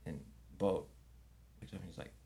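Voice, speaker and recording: Animated man telling a wild story. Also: deep voice, moderate pace, vocal fry, breathy edge. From United States. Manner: animated, acts out quoted dialogue, swears casually. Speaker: podcast guest, Muay Thai fighter. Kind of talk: casual storytelling in conversation.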